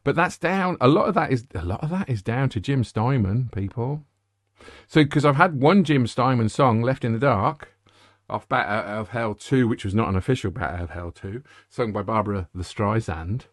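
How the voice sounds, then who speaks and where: A man's voice: mid-range voice, expressive, normal speed, no echo, clean studio sound. A middle-aged man hosting a music show, rambling, joking and interrupting himself. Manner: rambling, jokey, self-interrupting. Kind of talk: casual chat.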